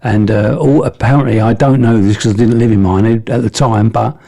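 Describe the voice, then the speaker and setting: A man's voice: lowish voice, steady tone, fairly quick, vocal fry, dark tone. A man co-hosting a podcast, telling local history in a rambling, self-correcting way. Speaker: podcast co-host. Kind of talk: casual chat.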